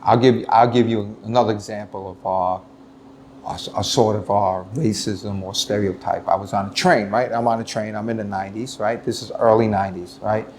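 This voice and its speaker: A middle-aged man, a retired police lieutenant telling stories in an interview, animated and full of restarts. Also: fairly low pitch, normal speed, slight background noise. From United States. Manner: animated storytelling, many restarts, acts out quoted voices. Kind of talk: casual interview talk.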